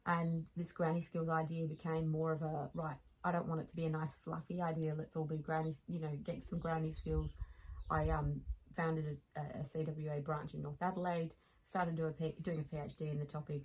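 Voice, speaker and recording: A woman's voice: low voice, slightly rough, low-quality recording. Chatty Australian woman telling stories. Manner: animated storyteller, laughs often, quick restarts. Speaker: podcast guest. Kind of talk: casual interview chat.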